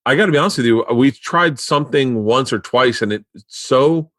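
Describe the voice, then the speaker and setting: A man hosting a podcast in casual chat, telling rambling, profane, excitable stories into a studio mic. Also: mid-range voice, normal speed, dry recording. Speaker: podcast host.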